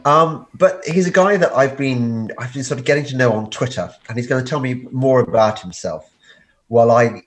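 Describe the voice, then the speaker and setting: A man hosts a casual podcast chat, sounding drowsy from painkillers. His voice sits in a middling pitch. He rambles and stumbles through repeated words. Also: moderate pace, faint music behind. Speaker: podcast host.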